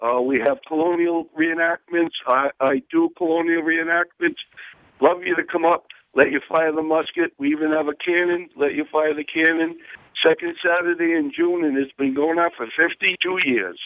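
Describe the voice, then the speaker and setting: An eager caller, a man, talks earnestly into the show. His voice comes through a thin, phone-like line, dry and a little higher than most men. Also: fairly even intonation, normal speed, dry recording. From Rhode Island, United States. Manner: enthusiastic, earnest. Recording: telephone line.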